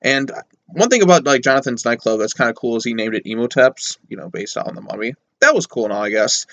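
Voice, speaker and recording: This movie reviewer talks fast in a medium-pitched, expressive, slightly bright voice, though the audio sounds dull. His casual take on the film wanders with fillers and asides, and he slips into sarcastic mock voices whenever he quotes a character.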